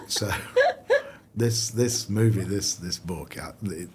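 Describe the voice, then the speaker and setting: Low-voiced rambling middle-aged man. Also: wildly swooping pitch, very slow, warm tone, slight background noise. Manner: chatty, rambling, many fillers and restarts. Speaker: founder of a clothing brand; guest. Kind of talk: casual interview chat.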